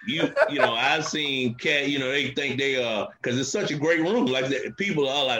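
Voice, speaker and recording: A male comedian in casual chat, speaking haltingly with many restarts and repeated words. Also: medium pitch, sharp tone. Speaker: comedian, guest.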